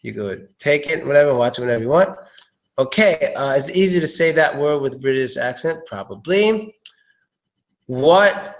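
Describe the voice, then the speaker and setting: A man whose voice is a little high coaches English pronunciation live, repeating each word slowly in a relaxed manner while he thinks aloud.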